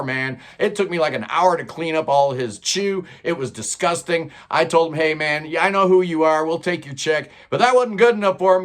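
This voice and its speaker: A middle-aged man telling stories in a chatty, animated way, often saying "man". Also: a little high. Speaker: channel host telling celebrity stories. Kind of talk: casual storytelling monologue.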